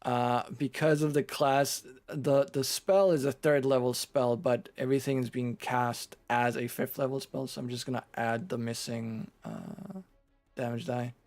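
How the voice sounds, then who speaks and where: A man's voice: mid-range voice, measured pace, faint music behind. Man running a tabletop game, explaining rules. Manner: relaxed, explains rules step by step. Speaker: game master. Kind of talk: narrating and ruling a tabletop game.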